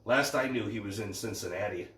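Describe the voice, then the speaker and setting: A man's voice: fairly low pitch, brisk, fairly bright tone, slight background noise. Rambling man in an echoey room. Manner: rambling, retells stories with filler words. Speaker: podcast co-host. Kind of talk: casual sports chat. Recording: roomy echo, a bit far from the mic.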